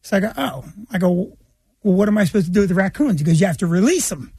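This comedian guest has a high, lively, quick voice that's a little mellow and husky, recorded with no room sound. He tells his funny story with animation, laughing as he goes and imitating the characters he describes.

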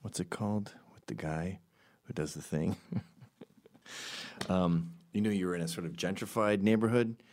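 A comedian doing a rambling, sarcastic comedic monologue with deadpan asides, jumping into loud, high voices for the people he quotes. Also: normal speed, long pauses, a little hiss or hum.

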